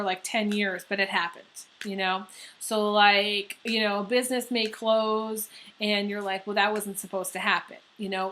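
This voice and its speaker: Chatty tarot lady, rambles, swears a bit, bright voice. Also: on the high side. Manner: rambling and casual, swears, many fillers. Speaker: tarot reader. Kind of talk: casual horoscope reading.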